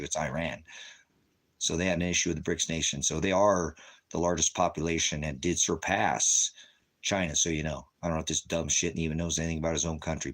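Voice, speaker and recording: A middle-aged man with a very deep, low voice hosts a ministry livestream and answers his chat. He swears freely and taunts his critics in a combative way. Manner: profane, combative, taunting, with bursts of laughter. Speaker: ministry host.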